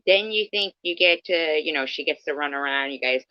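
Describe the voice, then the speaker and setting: A woman's voice: deep voice, a little fast. A woman livestreaming an angry, profane rant, confronting her critics head-on. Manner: heated, profane, confrontational, addresses critics directly. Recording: dull lo-fi stream audio.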